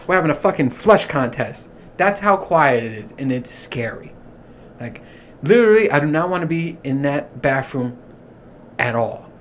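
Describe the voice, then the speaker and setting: Hosting a podcast solo, a man with a slightly high, expressive voice rambles profanely at a normal speed and laughs at his own jokes. It's a casual monologue with a bit of background noise.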